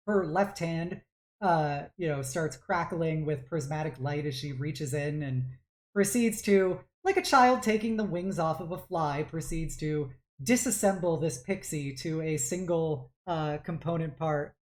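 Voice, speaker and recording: Woman narrating a tabletop game, lowish voice. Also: measured pace, a little mellow. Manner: casual, hesitant with fillers. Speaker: game master.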